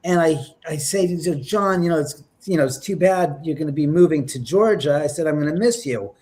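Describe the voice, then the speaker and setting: Guy with a kinda high voice telling ghost stories on a podcast, super animated, does the voices. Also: fairly quick. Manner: lively, acts out quotes with whispers and exclamations. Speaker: paranormal investigator guest. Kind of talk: animated storytelling in an interview.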